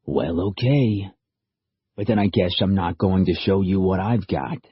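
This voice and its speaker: A relaxed male interrogator coaxing with casual calm, low and husky, done by a man. The audiobook sound is dry and a little dull. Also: unhurried, no echo, heavily acted.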